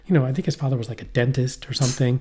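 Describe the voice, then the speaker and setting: Speaking from a poorly heated shack, this middle-aged co-host chats casually on a podcast in a dark, mellow, mid-range voice that is steady, rapid-fire and slightly rough. He rambles, curses freely, and keeps abandoning thoughts midway to begin again.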